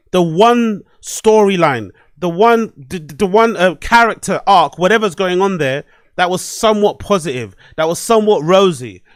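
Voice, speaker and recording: A man's voice: high voice, no echo, clean studio sound. A man hosting a solo commentary podcast, talking animatedly, swearing and repeating himself as he rants. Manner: animated, swearing, repetitive ranting. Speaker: podcast host. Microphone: desk microphone and webcam.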